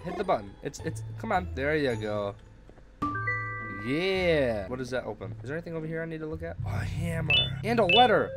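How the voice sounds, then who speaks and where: A high-pitched man with a wildly swinging voice plays a horror game, scolding his companion drone and breaking into frantic, shrieking panic when chased. Game music runs behind him. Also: big pitch swings, normal speed. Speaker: gaming YouTuber. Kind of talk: horror game let's play commentary.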